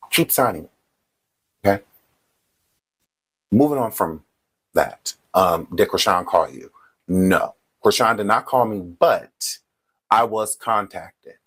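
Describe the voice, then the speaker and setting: A man's voice: low voice, breathy edge. A man hosting a casual livestream, speaking straight to his viewers and often checking in with "okay?". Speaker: livestream host.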